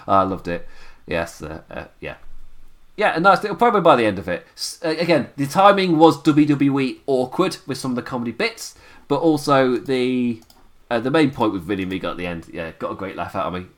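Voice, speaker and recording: A man's voice: mid-range voice, big pitch swings, a little fast. A young man, his voice worn down and a little tired, recapping wrestling in a rambling, chuckling solo podcast chat full of fillers. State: voice worn down, sipping tea.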